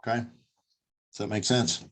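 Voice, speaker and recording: A man's voice: medium pitch, steady tone, slow, a bit bright. A man teaching an online class on dog handling, speaking emphatically over a video call. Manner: emphatic, demonstrates voice tones. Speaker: dog trainer and instructor.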